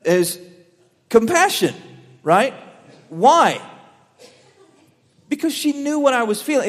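A young man preaching a sermon, earnest, swelling louder on key lines and dropping softer while telling stories. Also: high-pitched. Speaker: pastor. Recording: long hall reverb.

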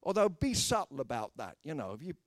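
A British man delivers a humorous sermon, his bright voice sitting on the high side and swooping through big pitch swings as he slips into the voices of characters in his anecdotes. He talks quickly, with dry, self-mocking humor. The recording is close and dry, with no sense of room around it.

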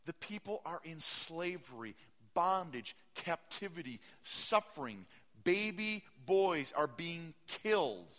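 A male pastor preaching in a church. His bright, forceful voice rises into loud bursts and drops to quiet asides as he reads and explains scripture. A long reverb from the big room trails behind each phrase. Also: fairly high pitch, slow. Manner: animated preaching, swinging from loud to hushed; reads scripture aloud and stops to comment. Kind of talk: sermon.

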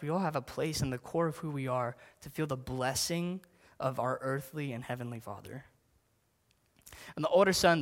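A man's voice: a little high, fairly bright tone. A man preaching casually, often saying "like" and asking his listeners direct questions. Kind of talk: sermon.

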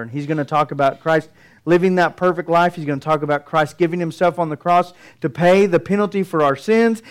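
A man's voice: sits high, clear, resonant tone. A middle-aged male pastor preaching a sermon, earnest and building emphasis through his points.

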